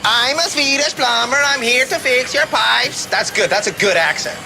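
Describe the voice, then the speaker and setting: A man's voice: high voice, very animated, quick pace, pushed and bright, exaggerated voice. A man doing a goofy young schemer bursting with bad ideas, his silly voice swinging up and down. It comes through stadium speakers with music underneath and a crowd around it.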